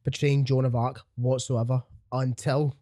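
Podcast host, sweary and blunt, close dry sound, middle pitch. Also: male voice, level tone, a little slow, mellow, no echo. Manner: blunt, sweary, emphatic ranting. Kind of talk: casual opinionated chat.

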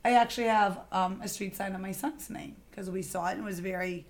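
Chatty middle-aged woman, mid-pitched. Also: fairly even intonation, fairly quick, crowd noise. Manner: chatty, rambling anecdote. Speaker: podcast co-host. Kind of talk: casual chat.

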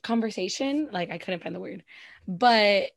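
A young woman in casual chat, giving blunt, animated, profane commentary. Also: medium pitch, moderate pace, creaky, no echo. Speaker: podcast co-host.

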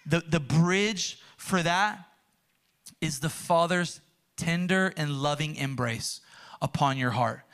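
A young male pastor with a high voice delivers an earnest sermon. He tells stories with animation and acts out little quotes along the way. His pace swings between slow, weighty phrases and quick bursts. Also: fairly bright tone, smooth.

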